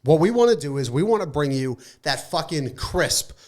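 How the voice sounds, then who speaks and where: A man hosting a casual gaming podcast, signing off with loud, profane, mock-angry hype. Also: on the high side, very animated, normal speed. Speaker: podcast host.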